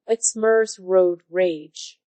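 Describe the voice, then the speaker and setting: Female voice, text-to-speech, story reading, even delivery, dry close sound. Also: lowish voice, very slow, smooth, no room sound, rough recording. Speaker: story narrator. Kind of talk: reading online posts aloud.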